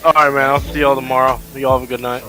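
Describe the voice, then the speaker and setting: A man's voice: medium pitch, level tone, fast, over music, poor audio. A man chatting casually on a late-night stream with short, easygoing remarks.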